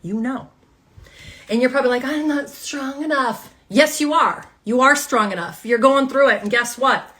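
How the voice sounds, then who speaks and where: A woman's voice: a little high, normal speed, fairly bright tone. A woman giving a live tarot reading to her viewers, emphatic and fired up, repeating her phrases and swearing casually. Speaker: tarot reader.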